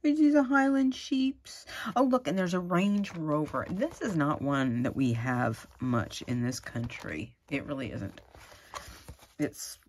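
Gushing woman, low voice. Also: measured pace, husky. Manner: gushing, easily excited, chatty with asides. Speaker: crafting vlogger. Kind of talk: casual unboxing chat.

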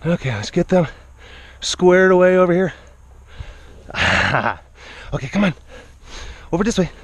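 A man's voice: high-pitched, big pitch swings, unhurried, slightly rough, no echo. A man vlogging out of breath, giving a casual running commentary outdoors and coaxing animals along as he goes. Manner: coaxing, chattering to animals between remarks. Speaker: vlogger working with big cats.

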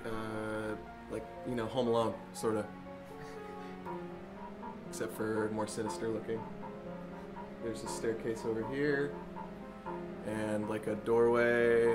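A young man, a comedian, reacting to a VR horror game with profane, panicky yelling and nervous laughter. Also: lowish voice, fairly even intonation, a little slow, pauses often, over music. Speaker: comedian guest.

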